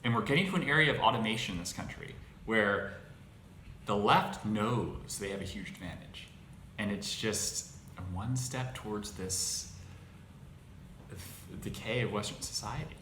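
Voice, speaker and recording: Halting man with a bright voice. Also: fairly low pitch. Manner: halting, restarts phrases, exasperated. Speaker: podcast host. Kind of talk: casual monologue. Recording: echoey room with faint noise.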